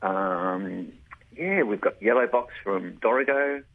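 A man's voice: lowish voice, slow pace. A man, a beekeeper guest on a radio phone interview, talking enthusiastically with many stumbling restarts. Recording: tinny phone line.

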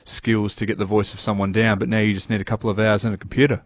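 A man hosts a podcast and asks curious, well-prepared questions. His voice is fairly low and he talks fast. The sound is dry and close. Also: little pitch movement, no echo. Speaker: podcast host. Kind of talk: casual interview chat.

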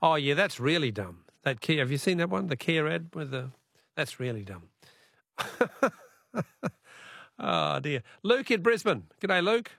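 Aussie radio host guy, gravelly voice, chatty and laughy, dry studio sound. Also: on the high side, big pitch swings, unhurried, pauses often, a bit bright, no echo. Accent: Australian. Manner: chatty, laughs often, rambling asides. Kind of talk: casual talkback radio chat.

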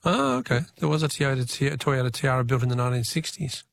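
A man's voice: medium pitch, sing-song, quick pace, creaky, no echo, studio quality. A man with an Australian accent hosting a talkback radio quiz, chatty, reading out listener texts and taking callers. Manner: chatty, reads texts aloud, laughs easily.

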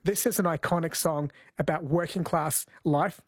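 A man's voice: on the high side, fairly even intonation, normal speed, dry recording. A man hosting a music segment, explaining history in an enthusiastic way. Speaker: host. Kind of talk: presenting a music show segment.

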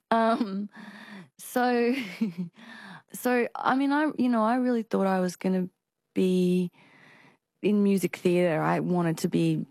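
A woman, a singer, talking in a casual interview with halting speech and frequent restarts from a stutter. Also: mid-range voice, a little mellow, dry recording, studio quality. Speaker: singer and performer, interview guest.

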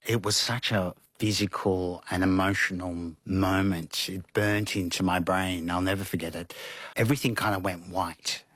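Husky man telling stories. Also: deep voice, normal speed, no echo, studio quality. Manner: animated, acts out quotes with laughs. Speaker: interview guest, costume designer. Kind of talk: conversational storytelling.

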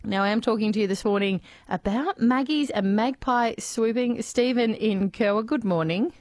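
A woman hosting a casual talkback radio show, bubbly and quick with questions. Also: on the high side, a little mellow, no echo, studio quality. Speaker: radio host. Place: radio studio.

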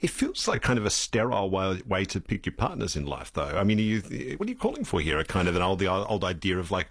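A man's voice: sits low, wildly swooping pitch, fast talker, a bit bright. A man interviewing a guest, asking probing, rambling questions with restarts.

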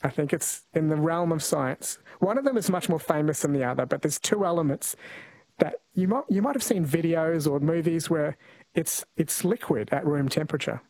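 A man's voice: a little high, normal speed, darkish tone, rough recording. A man hosting a radio call-in quiz, chatting casually with callers and often correcting himself mid-sentence. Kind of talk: casual talkback radio chat.

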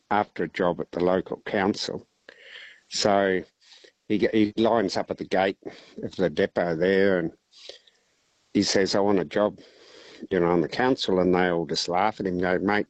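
A man's voice: low-pitched, dry recording, rough recording. Rambling Australian man telling a yarn. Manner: rambling, relaxed yarn-spinning. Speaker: caller, teacher. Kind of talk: casual phone-in storytelling.

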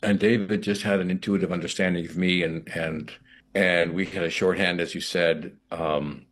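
Guy with a deep husky voice, mid-aged, musing in an interview, stops and starts a lot. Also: fairly even intonation, fairly bright tone. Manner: reflective, halting with many restarts. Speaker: actor. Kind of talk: interview conversation.

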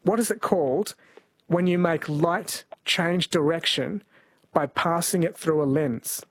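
A man's voice: on the high side, a little slow, husky, dry recording. A man hosting a talkback radio quiz, friendly and easygoing with callers.

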